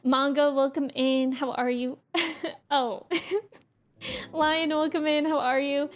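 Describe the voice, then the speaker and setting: A woman's voice: sits high, steady tone, measured pace. A woman streamer chatting casually with viewers, greeting them by name and rambling along with lots of fillers. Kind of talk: casual live-stream chat.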